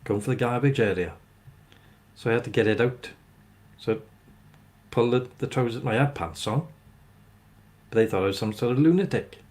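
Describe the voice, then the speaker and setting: A man's voice: medium pitch, moderate pace, long pauses, darkish tone. A man hosting a livestream, telling a rambling story to his chat and tagging "right?" onto his sentences. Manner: rambling anecdote, keeps adding "right?". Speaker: livestream host. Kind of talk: ranting storytelling to live chat.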